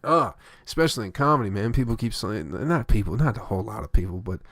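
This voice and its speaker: A man's voice: lowish voice, lively intonation, fast talker, a bit bright, no room sound, studio quality. A man hosting his own comedy podcast, delivering a rambling, profane, opinionated solo rant.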